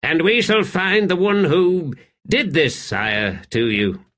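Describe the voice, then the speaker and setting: A man's voice: a little high, big pitch swings, slow pace, fairly bright tone, voice pushed up, heavily acted. A man voicing an earnest, dutiful young male warrior in an audiobook.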